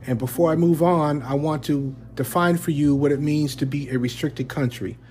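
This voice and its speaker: A man hosting a Christian podcast, speaking in a measured, earnest way with occasional fillers and asides. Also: on the high side, steady tone, darkish tone, soft background music. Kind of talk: scripted-sounding podcast talk.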